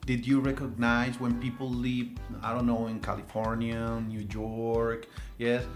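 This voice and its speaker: A man's voice: mid-range voice, completely flat delivery, measured pace, soft background music. A man with a Colombian Spanish accent co-hosting a podcast in English as a teacher, asking questions hesitantly with many restarts. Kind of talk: casual podcast chat.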